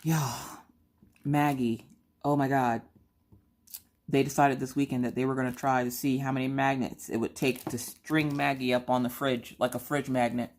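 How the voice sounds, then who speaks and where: A middle-aged woman rambling casually on her vlog, chatty and animated, acting out what she and her kids said. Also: rumbling low, normal speed. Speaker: vlogger.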